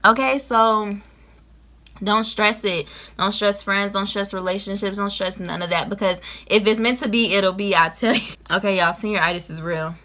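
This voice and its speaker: A woman's voice: medium pitch, normal speed. A teenage girl from Georgia, giving casual advice in a vlog, talking straight to the camera. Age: late teens. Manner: lively, talks straight to camera, lots of "you know what I'm saying". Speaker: vlogger.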